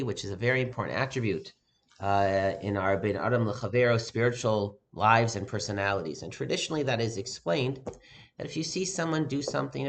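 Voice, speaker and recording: A man, a rabbi, giving a sermon in a measured way, with frequent "uh" pauses. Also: medium pitch.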